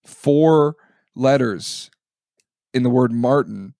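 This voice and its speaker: A man's voice: mid-range voice, slow, vocal fry, mellow, dry recording, clean studio sound. A man co-hosting a comedy podcast, trading jokey banter and riffing on absurd bits. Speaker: podcast co-host.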